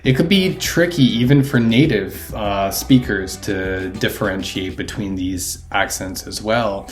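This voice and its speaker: A man who teaches English, sharing classroom activity tips in a relaxed, casual way, with frequent ums and uhs. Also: on the low side, a little slow, soft background music.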